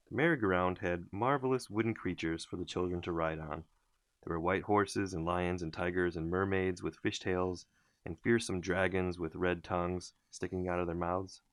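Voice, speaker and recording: A man reading a children's story aloud in an expressive, unhurried way. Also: sits low, no echo. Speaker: storybook reader.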